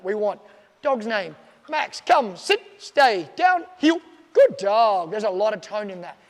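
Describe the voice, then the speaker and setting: A man's voice: sits high, long reverb tail. A man teaching dog training in a casual video, emphatic and repetitive, often acting out commands aloud. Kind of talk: casual instructional video talk.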